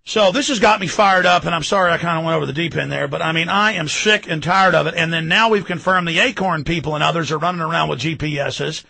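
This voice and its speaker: A man in his thirties with a Texan accent, hosting a talk show and ranting about politics, loud and mocking, shouting at times. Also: a little high, quick pace, vocal fry, hardly any pauses, no room sound, rough recording. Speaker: radio talk show host. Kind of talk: fired-up political rant.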